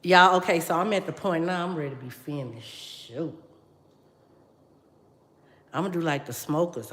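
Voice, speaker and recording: A middle-aged woman livestreams from her home kitchen, chatting casually with viewers as she cooks. Her voice is deep and fairly bright, moving at a moderate pace with long pauses, and the room echoes. She's chatty, speaks straight to her audience, and reads their comments aloud.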